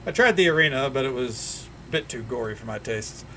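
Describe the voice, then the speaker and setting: A man's voice: medium pitch, lively intonation, brisk, bright, forceful tone, slight background noise. A man voicing a cheerful, chatty male halfling tourist, bubbly and over-eager in a sing-song way.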